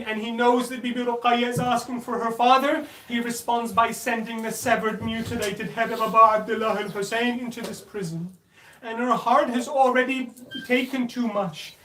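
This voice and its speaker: In an echoey mosque hall, recorded from a distance, a majlis speaker tells children a sad religious story. His voice is very high-pitched and a bit bright, and his mournful, dramatic narration builds toward anguished cries.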